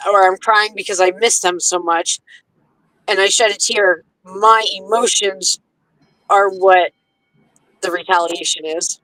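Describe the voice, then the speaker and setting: A woman's voice: medium pitch, a bit bright, dry recording, low-quality recording. Heated, foul-mouthed woman telling a story. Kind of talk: casual chat.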